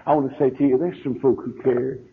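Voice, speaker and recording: An older man preaching a sermon, telling stories in a folksy way, his voice quiet at times and rising at others. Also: mid-range voice, little pitch movement, a little fast, breathy edge. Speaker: pastor. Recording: tinny phone-like old sermon recording.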